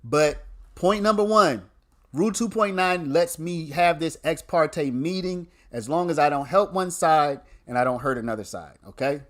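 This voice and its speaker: A man's voice: on the high side, lively intonation, moderate pace, a bit bright. A man, hosting a casual livestream where he explains a legal argument to viewers, repeating points and restarting sentences.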